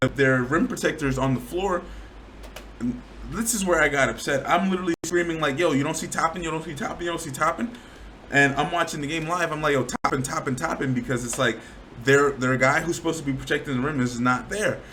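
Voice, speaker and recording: A man giving a casual, slangy breakdown of game highlights, often getting worked up over bad plays. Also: a bit bright, slight background noise, poor audio. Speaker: sports commentator.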